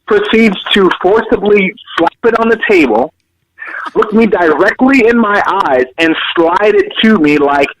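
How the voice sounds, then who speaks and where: Brief: male podcast co-host, casual storyteller, slightly high voice, dry close sound. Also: a little slow, no echo, low-quality recording. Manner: animated, repeats words, quotes others.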